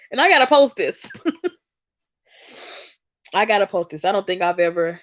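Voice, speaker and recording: A woman's voice: medium pitch, no echo. A woman hosting a spiritual livestream. She sounds emotional and speaks in emphatic, repetitive phrases in a channeling style.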